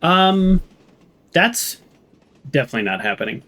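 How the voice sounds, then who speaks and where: A man's voice: a little high, very animated, a little slow, fairly bright tone. Chatty West Coast American guy. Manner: rambling, chatty, lots of fillers and laughs. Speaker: let's play streamer. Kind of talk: casual game commentary.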